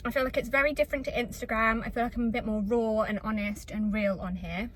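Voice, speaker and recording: A chatty woman from England talks to her phone camera from inside her parked car. Her voice sits a little high, and her talk is rambling and self-deprecating. A faint hum runs underneath. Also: steady tone, fast talker, fairly bright tone, rough recording. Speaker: vlogger. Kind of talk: chatty shopping vlog. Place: in her car in a retail park.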